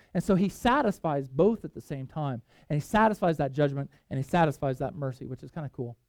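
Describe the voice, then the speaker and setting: A man preaching a sermon, reading scripture aloud with emphatic swings in loudness. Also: on the high side, no room sound. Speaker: pastor.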